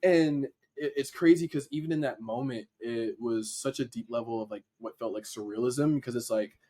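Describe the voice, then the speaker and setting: A man, a podcast guest, telling a story in casual slang and acting out his own excited reactions. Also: medium pitch, moderate pace. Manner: animated, acts out his own reactions in quotes; casual slang, frequent "like" fillers. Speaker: podcast guest, dancer and video editor.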